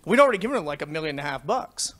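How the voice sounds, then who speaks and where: A man's voice: fairly high pitch, very fast. Canadian man telling profane war stories. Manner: swears freely, animated storytelling. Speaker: conference speaker. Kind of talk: profane anecdotal tech talk.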